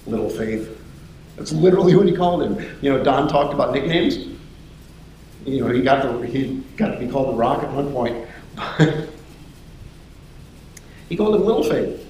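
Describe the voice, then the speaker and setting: A man preaching a sermon as lively storytelling, acting out the voices of the people in his story. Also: mid-range voice, a little hiss or hum. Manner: animated storytelling, acts out voices. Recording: echoey hall.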